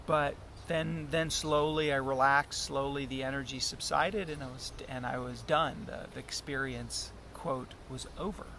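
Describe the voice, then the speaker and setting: Gravelly man telling a personal story. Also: mid-range voice, fairly even intonation, pushed and bright, slight background noise. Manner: halting, earnest, with frequent restarts.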